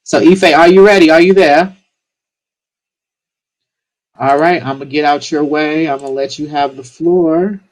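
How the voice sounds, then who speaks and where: A man speaking, hosting an online poetry slam in a joking, lively way. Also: a little high, measured pace, long pauses, rough recording. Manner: joking, laughs often, lively. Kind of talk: casual emceeing.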